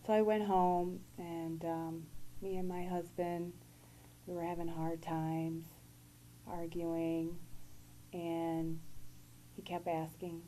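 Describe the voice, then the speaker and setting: A woman guest giving an earnest, halting personal testimony. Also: fairly low pitch, little pitch movement, dark tone, a little hiss or hum, rough recording.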